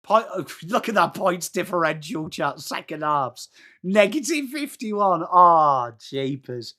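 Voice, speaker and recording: Bright-voiced English man hosting a footy stream. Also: sits high, sing-song, slow pace. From England. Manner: chatty, reads out viewer messages and calls play. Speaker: livestream host. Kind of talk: live football watchalong chat.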